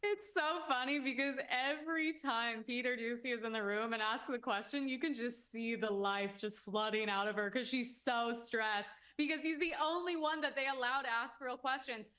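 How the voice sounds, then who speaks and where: A woman commentator speaks in a bright, tense voice that sits a little on the high side. She talks emphatically and with open indignation, circling back and restarting mid-sentence. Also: normal speed, hardly any pauses. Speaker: commentator guest. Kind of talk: opinionated commentary chat.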